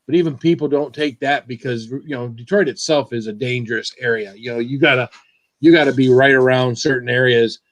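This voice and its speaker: A man's voice: mid-range voice, dry recording. A man from Michigan hosting a casual video chat, talking in a rambling, chatty way that repeats itself. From Michigan, USA. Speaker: channel host.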